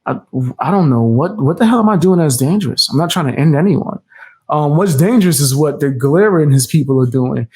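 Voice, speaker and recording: A man's voice: fairly high pitch, animated, fairly quick, a little mellow, husky. A man hosting a reaction commentary, defiant and mocking, with casual slang and frequent laughs. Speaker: commentary channel host.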